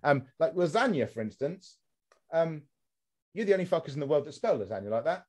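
A man's voice: fairly high pitch, very animated, fairly quick. A man hosting a casual podcast chat, ranting with comic exasperation and swearing freely. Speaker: podcast host.

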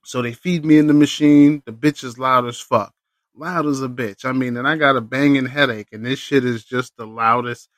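A man hosts his own podcast and talks through a personal story alone. His delivery is loose, profane and animated. His voice sits at an ordinary middle pitch, and the recording is close and dry with no room sound. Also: normal speed, no room sound. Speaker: podcast host. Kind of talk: casual solo storytelling.

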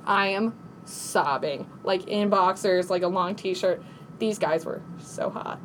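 A woman co-hosting a podcast, telling a story in casual chat, animated and laughing, acting out quotes in a high panicked voice. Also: background noise. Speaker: podcast co-host.

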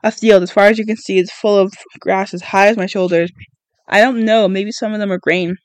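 A man reading the lines of a gentle, caring teenage boy in a storybook, in his own high voice with a soft, reassuring manner. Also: fairly even intonation, a little fast, dry recording, close to an everyday voice.

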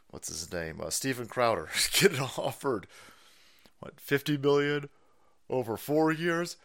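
A middle-aged man live-streaming a profane, exasperated rant as a political commentator, lurching between low mutters and loud outbursts. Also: lively intonation, measured pace.

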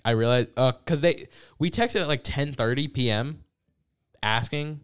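A young man co-hosting a casual podcast, retelling a story and reading out text messages with halting restarts. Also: mid-range voice, fairly bright tone, clean tone, no echo, clean studio sound. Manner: reads out texts, retells events with halting restarts. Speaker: podcast co-host. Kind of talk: casual chat.

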